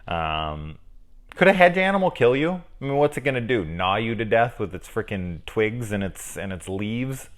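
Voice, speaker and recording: A middle-aged man giving a casual, profane film review, animated and acting out lines as he goes. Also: on the low side, normal speed.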